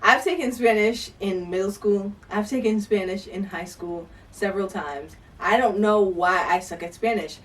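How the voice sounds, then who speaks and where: A woman's voice: mid-range voice, normal speed, few pauses, far from the mic. A woman from Jamaica co-hosting a casual podcast, blunt and outspoken, swearing freely and laughing often. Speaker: podcast co-host.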